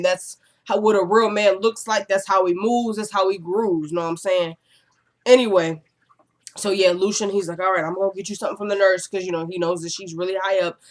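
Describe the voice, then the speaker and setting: Chatty young woman recapping a TV episode. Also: lowish voice. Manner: chatty, animated, acts out characters' lines. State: stuffy with a cold, coughing. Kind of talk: casual recap chat.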